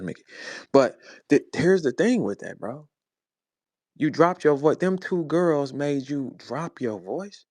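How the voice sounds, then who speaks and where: Man in his forties, from St. Louis, profane mocking rant, lively swooping voice, dry sound. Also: fairly high pitch, slow, dry recording. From St. Louis, USA. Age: 40s. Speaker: battle rap personality, host. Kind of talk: heated monologue.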